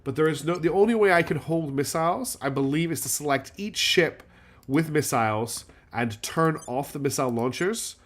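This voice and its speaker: A man's voice: a little high, animated, normal speed. Chatty man thinking aloud. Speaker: streamer playing a strategy game. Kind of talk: live game commentary.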